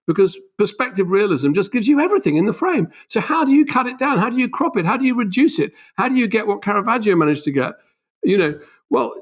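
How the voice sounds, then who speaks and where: A man, an author and podcast guest, explaining animatedly with emphatic rises on key points. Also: high voice. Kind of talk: conversational explanation.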